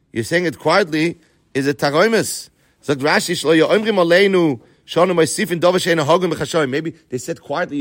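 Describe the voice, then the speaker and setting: A man's voice: on the high side, dry recording. Dry-voiced man teaching Talmud. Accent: Yeshivish Ashkenazi Hebrew pronunciation. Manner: chanting Aramaic quotes then explaining in English. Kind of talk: Talmud study lesson.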